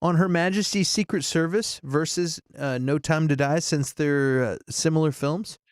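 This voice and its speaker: Man, podcast co-host, casual film talk, jokey, rambling, high voice, dry sound. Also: normal speed, dry recording. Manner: jokey, rambling, lots of fillers. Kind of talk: casual chat.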